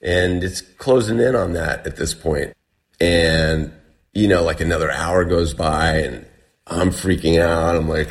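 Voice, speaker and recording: A man's voice: low-pitched, unhurried. A man casually recounting a story as an interview guest, chatty and full of restarts. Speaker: guest telling a survival story.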